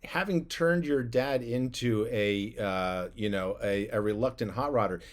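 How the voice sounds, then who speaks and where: A man's voice: on the low side, unhurried. A male podcast host asking questions and reacting with short comments and frequent laughs. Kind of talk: casual interview.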